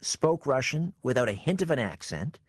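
A man interviewing a guest, measured and curious. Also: medium pitch, very animated, breathy edge, no echo, studio quality. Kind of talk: interview questions.

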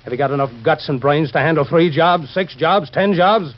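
A man plays a principled office boss with a somewhat high voice, firm and lecturing, with a sarcastic edge. The 1940s radio acting comes through a dull, lo-fi old radio recording. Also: moderate pace, close to an everyday voice. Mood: stern. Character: older insurance company boss, stern and principled.

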